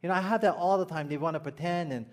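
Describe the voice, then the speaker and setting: A pastor from Hawaii preaches in a relaxed storytelling way, with a Hawaiian accent. His voice sits fairly high for a man. He chuckles easily and keeps turning to the congregation with questions. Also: fast talker. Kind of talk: sermon.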